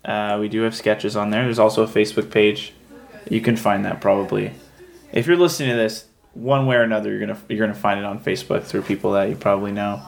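Low-voiced man rambling as a podcast guest. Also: fairly even intonation, vocal fry. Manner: rambling, halting, self-deprecating. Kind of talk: casual podcast chat.

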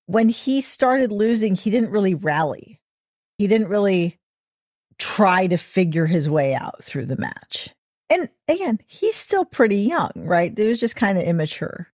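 A woman talking tennis on a podcast in a casual chat, wry and full of quick detail. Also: medium pitch, very animated, a little mellow, dry recording, clean studio sound. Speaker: tennis guest commentator.

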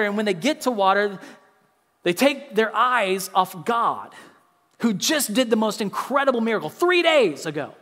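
A man preaching a sermon, earnest and a bit halting, often restarting and repeating words. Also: high voice, a bit bright, long reverb tail. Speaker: pastor.

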